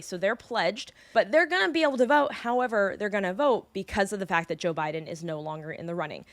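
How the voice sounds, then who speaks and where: A young California woman hosts a daily news podcast, explaining the news in a chatty, joking style with lively asides. Her voice is medium in pitch, with no room sound.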